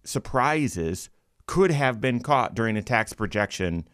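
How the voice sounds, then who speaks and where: A man hosting a radio finance show from a studio, talking fast and energetically. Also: medium pitch, expressive, a bit bright, dry recording.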